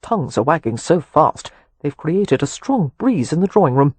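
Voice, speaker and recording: A woman reading the part of a flippant young brother who talks quickly. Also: deep voice, very animated, a little mellow, slightly rough, dry recording, full character voice.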